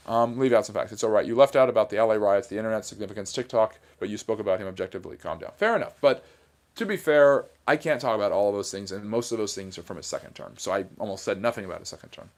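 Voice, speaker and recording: A man hosting a casual livestream, reading viewer comments aloud and answering them in a plainspoken, mildly sarcastic and argumentative way. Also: on the low side. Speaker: livestream host reading chat.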